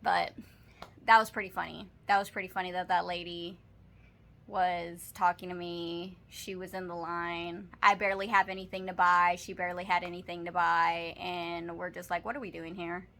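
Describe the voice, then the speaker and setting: A woman's voice: lowish voice, little pitch movement, moderate pace, pushed and bright. Chatty young Texan woman vlogger. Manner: chatty, storytelling, says "like" often. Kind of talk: casual haul chat to camera. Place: apartment, indoors.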